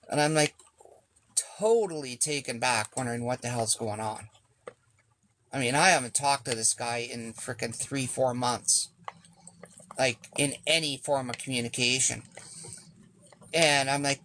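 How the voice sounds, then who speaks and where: A man's voice: mid-range voice, unhurried, pauses often, pushed and bright, a little hiss or hum. A man telling a casual, rambling story as a sailing vlogger, swearing freely and acting out what people said. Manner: rambling, profane, acts out quoted speech.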